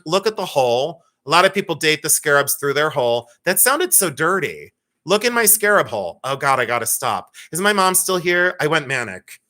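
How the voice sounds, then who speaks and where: Bright, playful man hosting a jewelry sale. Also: a little high. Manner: playful, joking, laughs often, teasing; rambling, chatty, greets viewers by name. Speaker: host of a live jewelry sale. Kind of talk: casual live-stream selling chat.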